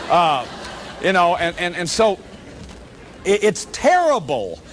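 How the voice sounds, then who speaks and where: A man's voice: sits high, wildly swooping pitch, slow pace, pauses often, slight background noise. A man giving a public lecture as a workshop leader, earnest and emphatic, often repeating words as he restarts.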